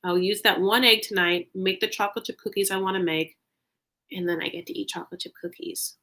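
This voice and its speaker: A woman's voice: medium pitch, fairly even intonation, fairly quick, pushed and bright. A woman hosting a casual livestream recap, chatting loosely, saying "like" a lot and answering viewer comments. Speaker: recap show host.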